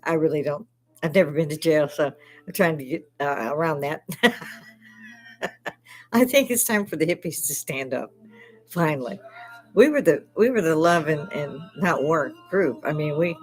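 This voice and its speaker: A woman's voice: sits low, moderate pace, long pauses, darkish tone, faint music behind. An older woman hosting a casual livestream from her bar, swearing freely and breaking into laughs often. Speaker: livestream host.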